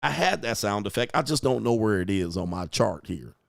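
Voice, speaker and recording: A man with a lowish, expressive voice and vocal fry speaks briskly, recorded clean in a studio with no room sound. Hosting a livestream as a relationship coach, he delivers an emphatic, profane, mocking rant and laughs at his own jokes.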